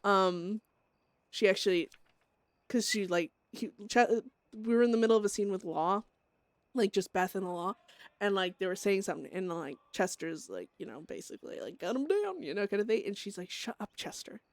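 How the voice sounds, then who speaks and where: A woman's voice: mid-range voice, fairly quick, a little mellow, no echo. A young woman streamer casually recapping a roleplay scene, rambling with lots of fillers and swearing.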